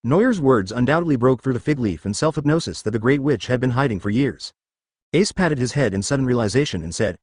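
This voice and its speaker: Lively, dry synthetic male storyteller. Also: mid-range voice, fairly quick, dry recording. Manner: reads censored words out as asterisks. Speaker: narrator. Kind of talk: synthetic audiobook narration.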